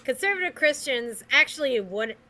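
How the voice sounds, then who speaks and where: A woman's voice: sits high, lively intonation, normal speed, sharp tone. A woman joining a casual movie commentary as a guest, joking and giggling.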